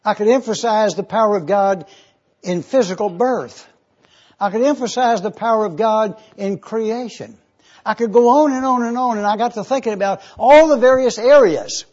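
A man's voice: sits high, moderate pace, a little mellow, dull audio. A man preaching an evening sermon, teaching from scripture and stretching out key words for emphasis. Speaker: pastor.

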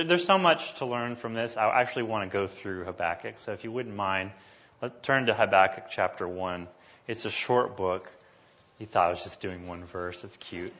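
A pastor with a medium-pitched, slightly bright voice preaches a sermon, reading scripture aloud with mounting emphasis. Between passages he talks casually with the congregation, and the recording sounds muffled.

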